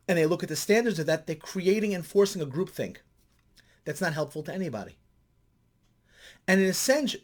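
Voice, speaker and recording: Here a middle-aged counselor speaks in a vlog, animatedly recounting stories; as he grows excited, his voice heads upward.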